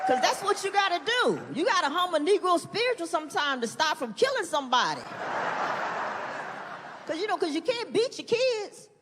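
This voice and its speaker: A woman performs stand-up on a club stage, her high voice leaping around as she acts out loud exclamations. The live recording carries a long reverb and a faint hum of room noise. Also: fairly quick, a crowd in the background. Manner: animated, swings into loud high-pitched acted-out exclamations. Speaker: stand-up comedian. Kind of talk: stand-up comedy set.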